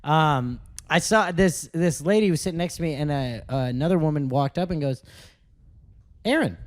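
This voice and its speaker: A man's voice: fairly high pitch, brisk. A man co-hosting a casual podcast chat from an apartment, telling stories with a lot of laughter. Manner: laughing, animated storytelling. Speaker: podcast co-host. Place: apartment room.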